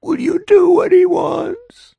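A man's voice: very high voice, slow, creaky, mellow, dry recording, dull audio, pitched above the performer's own voice, exaggerated voice. A man putting on a menacing lipless ghoul woman.

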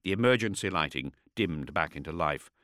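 A man narrating an audiobook story in a steady, expressive storytelling manner. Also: very deep voice, a little fast, no echo, clean studio sound.

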